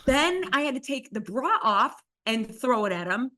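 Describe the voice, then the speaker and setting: A woman's voice: sits high, very animated, moderate pace, pushed and bright. A middle-aged woman from Chicago, telling a story dramatically on a talk show, acting out the voices. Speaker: guest. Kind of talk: animated anecdote telling.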